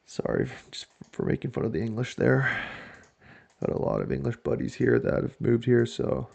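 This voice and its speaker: A man giving casual let's-play commentary on a football management game, joking to himself and shouting when his team scores. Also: medium pitch, normal speed, creaky, breathy edge. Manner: excitable, jokes to himself, shouts at goals. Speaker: video game player.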